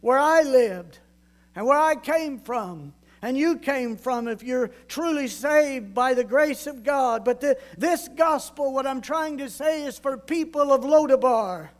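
A male preacher with a very high voice for a man retells a scripture story in a sermon. He paints the scene vividly and turns to the congregation with rhetorical questions. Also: animated, unhurried.

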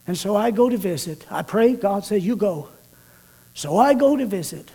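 High-voiced dramatic preacher man. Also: lively intonation, fairly quick, husky. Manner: dramatic, swings from loud to hushed. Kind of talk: sermon storytelling.

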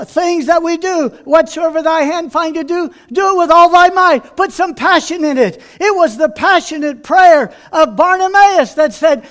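A male preacher delivering an impassioned sermon, dropping to hushed tones and rising to shouts. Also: very high voice.

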